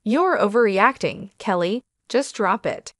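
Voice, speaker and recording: Brief: woman reading a cool, condescending husband, flat, dry sound. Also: medium pitch, measured pace, no room sound, close to an everyday voice. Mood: dismissive. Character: dismissive calm man, the narrator's husband.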